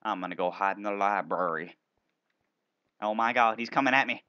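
A man playing a video game and commentating, excitable, playful, often yelping and exclaiming. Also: on the low side, normal speed, smooth, dull audio. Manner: silly, playful banter at other players. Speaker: gaming video host.

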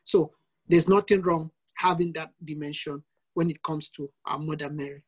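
A man's voice: on the high side, steady tone, moderate pace, husky. Priest guy teaching online, huskyish voice, hammers his point with lists. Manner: emphatic, repeats lists of examples. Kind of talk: teaching talk in an online session.

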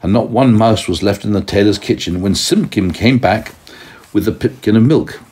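A man reading a storybook aloud to his young child at home, gently pausing to ask questions. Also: fairly low pitch. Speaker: parent telling a story to a toddler.

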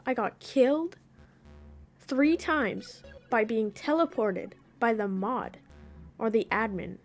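A woman streaming a video game, chatting casually as she plays, swearing freely and now and then breaking into loud panicked yelling. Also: fairly high pitch. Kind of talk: casual gaming commentary.

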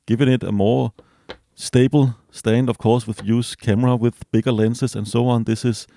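A man casually reviewing a small gadget as he unboxes it, relaxed and hesitant, with fillers and self-corrections. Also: mid-range voice, moderate pace, gravelly, no room sound. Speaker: product reviewer.

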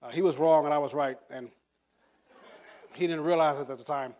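Older guy giving a pep talk, highish voice, punchy and repetitive, chuckles a lot. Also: normal speed, a little mellow. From United States. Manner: emphatic, repeats words, chuckles through stories. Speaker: motivational speaker. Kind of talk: motivational talk to an audience.

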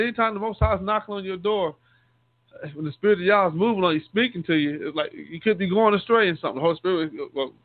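The deacon's voice sits high, and there's no room sound at all, just the thin, dry quality of a phone line. Preaching conversationally, he keeps repeating and restarting words and refers to his audience as saints.

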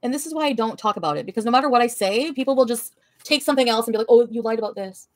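A woman's voice: on the high side, racing, no room sound. A woman livestreamer answering her chat in a heated, profane, confrontational rant.

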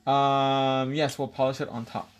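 A man's voice: medium pitch, flat delivery, unhurried, a little hiss or hum. A man hosting a live nail tutorial, explaining each step while bantering playfully with a co-host and viewers and slipping in the odd bit of Spanish.

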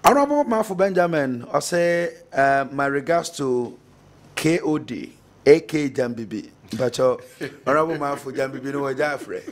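A man's voice: mid-range voice, animated, normal speed. Ghanaian man, radio talk host, loose and laughing, reads listener texts. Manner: chatty, laughs often, switches languages. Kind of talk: casual radio talk, reading listener messages.

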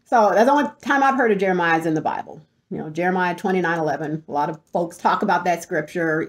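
A middle-aged woman hosting a show, telling a story in an animated way and often breaking into laughter. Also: lowish voice, fast talker, few pauses. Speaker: host. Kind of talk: storytelling monologue.

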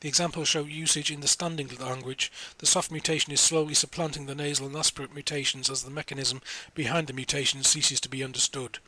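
Bright-voiced man reading an encyclopedia article. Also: a little high, level tone, quick pace, few pauses. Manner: careful, spells out letters and sounds out foreign words. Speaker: volunteer reader of spoken encyclopedia articles.

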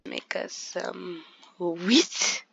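A woman's voice: lowish voice, fairly even intonation, drawn-out words, vocal fry, fairly bright tone, a little hiss or hum. A woman giving casual, chatty commentary while playing a game, easily startled and talking to the animals around her. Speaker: gamer streaming play. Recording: dull lo-fi sound.

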